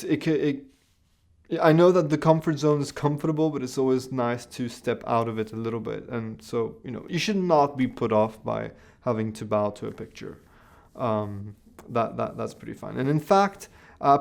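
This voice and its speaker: A man's voice: medium pitch, creaky. A man in his thirties casually recounting a personal experience to camera, rambling a little and repeating phrases as he tells the story. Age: 30s. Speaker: video creator.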